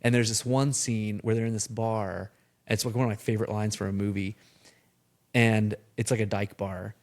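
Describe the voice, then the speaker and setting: A man hosting a podcast in casual, animated conversation, sometimes slipping into playful accent impressions. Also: lowish voice, normal speed. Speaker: podcast host.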